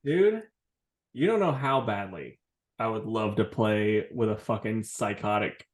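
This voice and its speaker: A man's voice: on the low side, lively intonation, a little slow. A man co-hosting a podcast, telling stories animatedly, laughing a lot and swearing casually. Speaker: podcast co-host. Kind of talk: casual chat.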